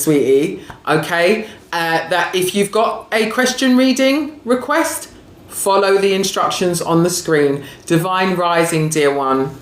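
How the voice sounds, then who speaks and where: Laughing frequently, a woman streams an oracle reading live, addressing her audience affectionately as darling and sweetie and tossing in "right?" again and again. She's a spiritual reader and coach with a medium-pitched voice, recorded in an echoey space with a little background noise.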